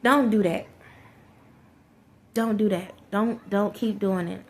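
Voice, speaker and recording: Her mid-range voice is husky, and she draws out her words. Speaking directly to viewers as "y'all," this woman vlogger rambles colloquially, repeats herself and laughs a lot.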